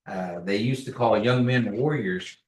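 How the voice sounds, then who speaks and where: A man teaching a language class, patiently repeating words slowly for learners. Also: lowish voice. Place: classroom, echoey room. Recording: echoey room, distant mic.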